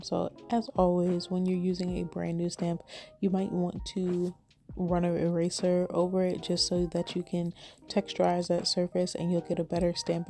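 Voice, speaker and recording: Woman crafter, casual craft voice-over, warm low voice with a gravelly edge, chatty and rambling. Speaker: card-making crafter.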